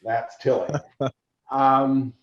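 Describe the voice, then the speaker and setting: Animated storytelling man, roomy sound. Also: mid-range voice, drawn-out words. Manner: animated storyteller who acts out characters. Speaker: convention organizer and guest. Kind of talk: casual podcast interview. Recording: roomy, slightly dull recording.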